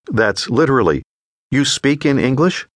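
A man narrating a language course in a clear, patient, scripted teaching voice. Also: medium pitch, big pitch swings, normal speed, no room sound. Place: recording studio.

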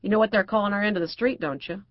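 A woman's voice: mid-range voice, very fast, dry recording, lo-fi sound, lightly acted. A woman narrator voicing a brassy, outspoken middle-aged divorcée who talks bluntly and crudely.

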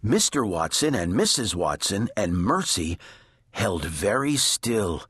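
A man narrating a children's storybook in a gentle, deliberate storytelling manner. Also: on the low side, big pitch swings, breathy edge, no echo, studio quality. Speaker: audiobook narrator.

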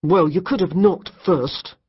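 A woman's voice: on the low side, slow pace, husky, lo-fi sound, exaggerated voice. A woman voicing a ruffled, self-absorbed young man who blusters and mutters, in an audiobook. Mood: blustering.

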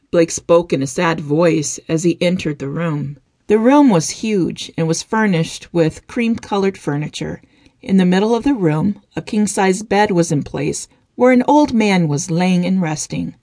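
A woman narrating a romance audiobook in an even, steady reading voice. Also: lowish voice, unhurried, dry recording, studio quality.

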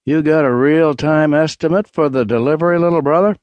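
A man voicing an unperturbed older brother who talks calmly with a faint edge of mockery. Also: on the high side, fairly quick, no echo, dull audio, voice pushed up, close to an everyday voice. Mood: needling. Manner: calm, faintly mocking.

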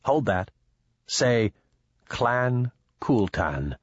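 A man voicing a handheld computer in an audiobook, giving slow step-by-step commands. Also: sits low, breathy edge, no echo, muffled recording, exaggerated voice. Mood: instructing.

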